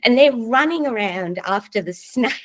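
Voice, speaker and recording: A woman's voice: fairly high pitch, lively intonation, moderate pace, low-quality recording. A middle-aged Australian woman, a psychiatrist guest, chatting in an interview and telling stories with frequent laughs and restarts. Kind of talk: casual conversational interview.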